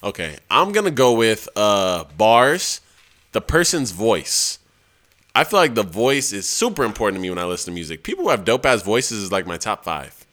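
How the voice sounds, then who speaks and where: Brash man hosting a podcast, bright voice. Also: on the low side, very animated. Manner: brash, dismissive, quick to shut others down. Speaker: podcast host. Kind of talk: casual group chat.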